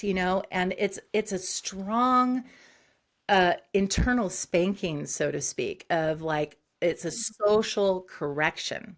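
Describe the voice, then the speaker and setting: A woman psychologist, a guest on an interview show, who explains concepts briskly and acts out short examples. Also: fairly low pitch. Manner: explains quickly with acted-out examples.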